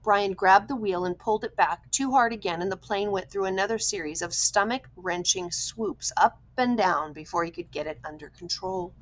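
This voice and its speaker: A woman's voice: mid-range voice, normal speed, few pauses, poor audio. Woman narrating a tense audiobook. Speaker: audiobook reader. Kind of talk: scripted narration.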